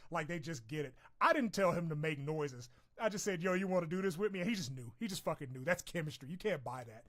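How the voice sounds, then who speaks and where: Male streamer, slightly high voice, rowdy and profane, laughs a lot, casual live chat. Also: animated, fast talker. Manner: loud, laughing, profane, swings from shouting to mumbling.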